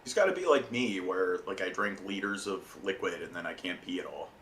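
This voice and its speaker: An American man hosting a casual stream podcast, trading sardonic deadpan jokes. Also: deep voice, a little fast, a little hiss or hum. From United States. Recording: roomy echo.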